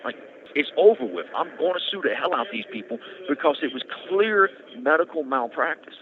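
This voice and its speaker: A man's voice: a little high, lively intonation, a little fast. Man telling his story over a tinny prison phone. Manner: earnest, conversational, repeats and restarts. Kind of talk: casual storytelling. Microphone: prison phone handset. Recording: tinny phone line with faint noise.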